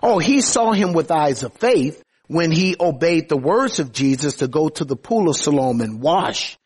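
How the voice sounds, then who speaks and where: A man preaching a sermon, expressive, lifting his voice for emphasis and slowing down on quoted verses. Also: fairly high pitch, slightly rough.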